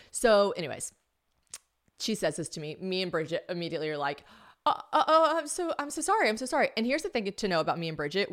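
A young woman hosting a podcast, telling a story in an animated, chatty way, full of "like" and swearing, acting out the voices of others. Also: fairly low pitch. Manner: animated, swearing, lots of "like", acts out quoted voices. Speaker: podcast host. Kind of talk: casual storytelling monologue.

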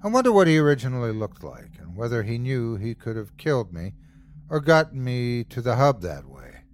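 A man hosting a podcast and reading a horror story aloud with measured, dramatic delivery. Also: mid-range voice, very animated. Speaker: host and narrator. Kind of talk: scripted horror narration.

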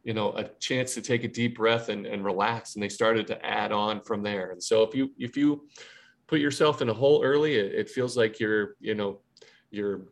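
A man co-hosting a podcast in casual sports chat, easygoing and often restarting his words. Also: lowish voice. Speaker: podcast co-host.

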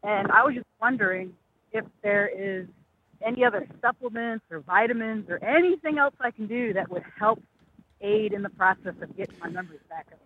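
A woman's voice: mid-range voice, normal speed. A woman in her thirties calling in to ask a question, speaking hesitantly with many fillers. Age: 30s. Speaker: caller. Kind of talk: call-in question. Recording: tinny phone line with faint hiss.

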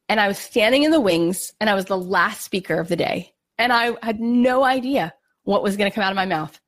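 A middle-aged woman and podcast host giving a heartfelt motivational talk, earnest and emotional, acting out her own inner voice. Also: mid-range voice.

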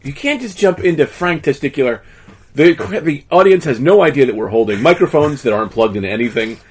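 Lively husky man hosting a comedy podcast. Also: a little high, a little fast. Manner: incredulous questioning, laughing often. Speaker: podcast co-host. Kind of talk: improv comedy podcast banter.

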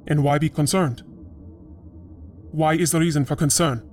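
A woman's voice: deep voice, steady tone, normal speed, darkish tone, faint music behind, lightly acted. Woman doing a smug brooding man. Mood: sulky.

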